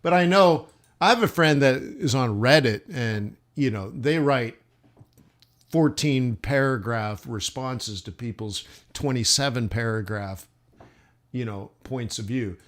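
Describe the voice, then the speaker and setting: A man's voice: mid-range voice, unhurried. Chatty man rambling on a livestream. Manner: rambling, chatty, many fillers and restarts. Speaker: live forex trading streamer. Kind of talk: casual livestream chat. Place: southern United States.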